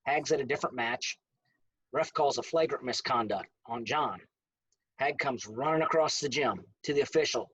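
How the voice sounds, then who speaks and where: A man telling a lively wrestling anecdote and acting out the lines he quotes. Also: medium pitch, moderate pace, slightly rough, highs cut off. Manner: lively storyteller who acts out the quoted lines. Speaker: former college wrestler. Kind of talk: casual anecdote.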